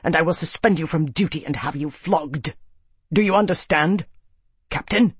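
A man's voice: sits high, lively intonation, a little slow, no echo. A man reading an audiobook, voicing a stern, hawkish male senator who barks orders. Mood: commanding. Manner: forceful, barking orders. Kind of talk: audiobook character voice.

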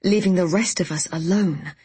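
A woman reads a novel aloud in a measured, first-person storytelling voice. Her tone sits on the low side and is breathy. The recording is close and dry. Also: mellow, dry recording. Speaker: audiobook narrator. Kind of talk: scripted narration of a novel.

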